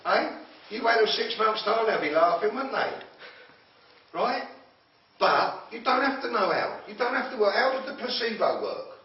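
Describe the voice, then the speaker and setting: Brit guy giving a pushy motivational talk, kinda high voice, far off in an echoey room, muffled lo-fi sound. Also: very animated, normal speed. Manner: blunt, challenging, pokes at the audience with questions. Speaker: motivational speaker. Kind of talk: confrontational talk to a group. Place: room with a group listening.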